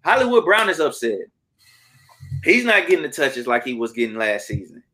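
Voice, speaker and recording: A man co-hosting a sports betting podcast in casual chat, animated and repeating words for emphasis. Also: medium pitch, moderate pace.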